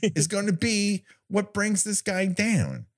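Podcast host guy ranting about an episode, pitch jumps all over, swears a lot, sarcastic. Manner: animated, profane, sarcastic retelling with quick asides. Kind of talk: casual podcast recap chat.

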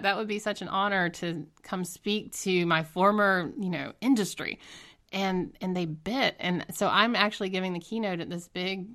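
A woman podcast host in casual interview chat, telling stories in an animated way. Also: mid-range voice. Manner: animated storyteller, quick laughs.

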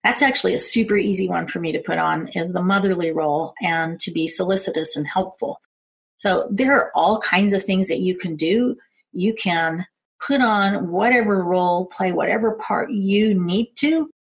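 A middle-aged woman giving a calm, earnest instructional talk on personal safety. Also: on the low side, moderate pace, creaky. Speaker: self-defense instructor.

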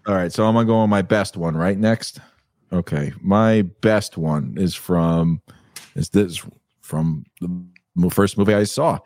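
A man's voice: sits low, a little slow, a little mellow, no room sound, clean studio sound. A man co-hosting a casual chat show, joking and laughing a lot. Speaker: co-host.

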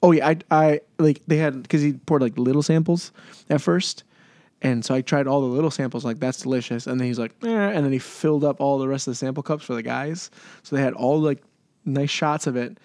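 Podcast co-host, man, mid-range voice, animated storyteller, dry close mic. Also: mid-range voice, a little fast, no room sound. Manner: animated, acts out voices in stories, laughs often. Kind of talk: casual storytelling chat. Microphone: podcast microphone.

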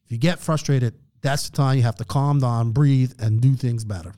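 A man hosting a podcast, delivering a casual, preachy motivational rant and clearing his throat often. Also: mid-range voice, normal speed, warm tone. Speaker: podcast host.

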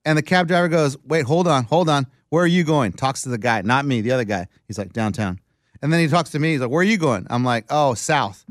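A man's voice: mid-range voice, brisk, no echo, clean studio sound. A man telling a story in casual chat, acting out the other people's lines in voices. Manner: animated, acts out dialogue in voices.

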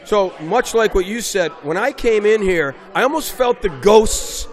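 Animated storytelling man, high voice. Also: unhurried. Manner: animated storyteller, raises voice for emphasis. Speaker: basketball coach, guest. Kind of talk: casual interview conversation.

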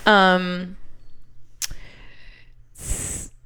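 A woman co-hosting a podcast, reading listener stories aloud in a smooth, clear voice. Her tone stays conversational, and she laughs often between lines. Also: lowish voice, little pitch movement, drawn-out words, sharp tone. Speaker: podcast co-host.

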